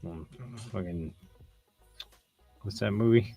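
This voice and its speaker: A man's voice: lowish voice, takes it slowly, vocal fry, mellow, no room sound, soft background music. A man co-hosting a podcast in casual chat, laid-back, with blunt, swearing opinions. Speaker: podcast co-host.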